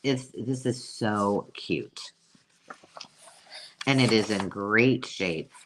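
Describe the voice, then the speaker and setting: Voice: medium pitch, very slow, fairly bright tone. A host chatting casually through a live sale, self-mocking and cooing over old pictures. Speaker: host selling vintage books.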